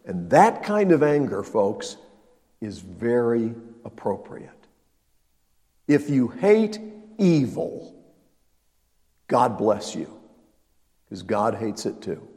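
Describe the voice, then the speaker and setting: Emphatic pastor preaching in an echoing hall. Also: male voice, medium pitch, sing-song, takes it slowly, long pauses. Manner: emphatic, swings from loud to quiet. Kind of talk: sermon. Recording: long reverb of a large hall.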